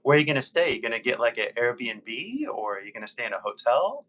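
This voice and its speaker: Man, californian accent, casual english tutor, patient, chatty, lots of fillers, mid pitch. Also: sing-song, fairly quick, fairly bright tone, low-quality recording. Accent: Californian American English. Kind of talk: live-stream conversation practice.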